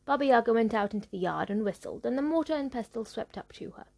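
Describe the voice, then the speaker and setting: A woman narrating a folktale in a measured, rhythmic storybook reading. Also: fairly high pitch, animated, vocal fry, darkish tone.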